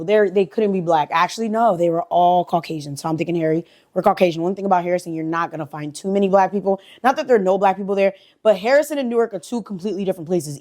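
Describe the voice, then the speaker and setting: A woman vlogger telling a casual storytime, animated, profane, blunt and gossipy. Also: medium pitch. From United States.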